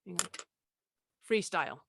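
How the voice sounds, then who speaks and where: A woman co-hosting a casual chat over a video call, running a party game in a playful, brisk way. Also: bright, forceful tone, a little hiss or hum. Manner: playful, brisk, repeats prompts.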